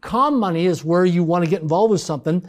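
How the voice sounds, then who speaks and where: High-voiced man telling a lively story. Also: fast. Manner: animated storyteller acting out quoted dialogue. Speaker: podcast guest. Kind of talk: storytelling in casual conversation.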